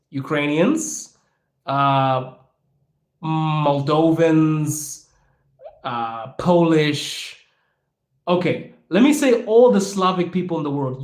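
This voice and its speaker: Echoey, animated male podcast host. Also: on the high side. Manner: animated, acts out quoted people with laughs. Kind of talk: casual Q&A monologue. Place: lives in Russia.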